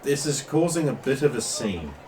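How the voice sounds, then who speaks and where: A man's voice: mid-range voice, sing-song, moderate pace, distant mic, crowd noise. A man running a tabletop role-playing game as game master, narrating in a casual, rambling way.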